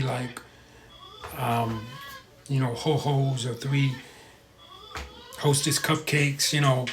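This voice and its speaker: A man with an American accent hosts a live stream in a loose, rambling way. He chats casually and trips over unfamiliar words. Faint music plays underneath. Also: mid-range voice. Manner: rambling, chatty, stumbles over pronunciations. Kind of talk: casual live-stream chat reading comments.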